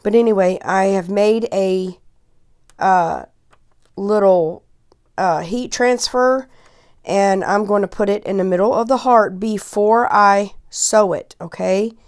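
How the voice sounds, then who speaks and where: A woman in her forties walks viewers through a sewing project in a loose, chatty way, checking in with "okay?" every few steps. Her voice is smooth and clear at a middle pitch, and it carries emotion she is holding back. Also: takes it slowly. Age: 40s. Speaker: crafting tutorial host. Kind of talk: casual how-to instruction.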